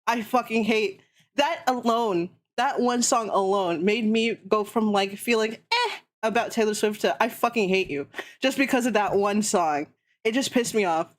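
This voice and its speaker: A woman's voice: on the high side, moderate pace. A young woman streamer ranting heatedly and sarcastically in casual chat, swearing constantly.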